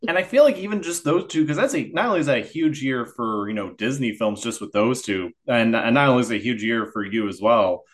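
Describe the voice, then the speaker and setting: Earnest man asking interview questions. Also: mid-range voice. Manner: earnest, slightly halting questions with fillers. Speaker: podcast host.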